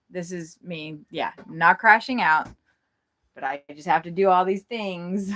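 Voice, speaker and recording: A woman chatting casually on a livestream from inside her RV, frazzled and swearing often, talking in quick, scattered bursts. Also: on the low side, fairly bright tone.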